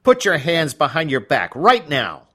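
A man voicing a weary woman dominatrix who gives loud, curt commands. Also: a little high, very animated, slow pace, voice pushed up, exaggerated voice. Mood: commanding.

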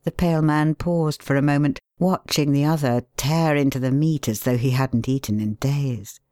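A woman narrating a story in a calm, measured way. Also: low-pitched, no room sound, studio quality.

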